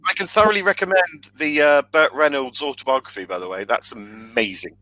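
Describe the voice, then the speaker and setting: Bright, joking co-host, crude humor. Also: male voice, a little high, poor audio. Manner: crude joking, quick to laugh. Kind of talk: casual comedy chat.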